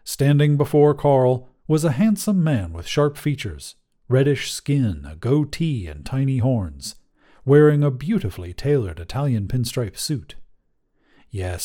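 A man narrating a short story podcast in a measured, expressive reading. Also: mid-range voice.

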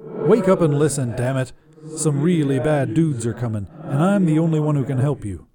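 A man's voice: on the high side, lively intonation, normal speed, crowd noise, natural voice. A man voicing a brash, impatient male demon with scales and wings, talking crude and pushy in a storybook reading. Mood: urgent. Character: gruff impatient male demon, scaly and winged.

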